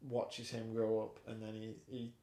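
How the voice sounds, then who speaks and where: A man's voice: lowish voice, monotone, unhurried, dark tone. A young man co-hosting a casual film review chat, rambling and hesitant with many ums. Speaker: podcast co-host. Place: home flat. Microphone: camera in a room. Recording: echoey room.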